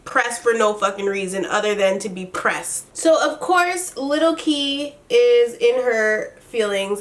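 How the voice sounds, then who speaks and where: A fairly high-voiced woman talks through a reality TV episode in a loose, unscripted recap. She is blunt and fed up, swears without holding back and acts out what people said in quotes. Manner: blunt and exasperated, swears freely; animated retelling with quoted dialogue. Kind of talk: casual commentary recap.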